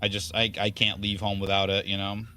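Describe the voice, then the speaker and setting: A man's voice: on the low side, completely flat delivery, fairly quick, sharp tone, a little hiss or hum. A man streaming a video game, chatting casually and rambling with viewers in a self-deprecating way. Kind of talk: casual gaming stream chat.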